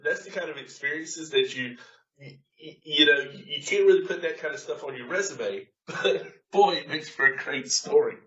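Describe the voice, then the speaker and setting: A man's voice: fairly high pitch, moderate pace, fairly bright tone. A man hosting a podcast, chatting casually with a guest and laughing easily. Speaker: podcast host. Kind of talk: casual interview chat. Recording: distant echoey lo-fi audio.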